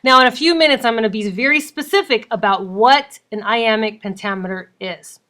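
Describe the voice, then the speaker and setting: A woman's voice: fairly high pitch, fairly quick, bright, forceful tone. A woman teacher giving a recorded lesson, explaining step by step and counting points out with emphasis. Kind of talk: recorded classroom lecture.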